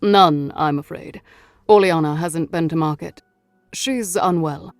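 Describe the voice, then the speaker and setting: A woman voicing a calm, steady Victorian husband who speaks in a measured, reassuring way. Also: low voice, no room sound, faint music behind.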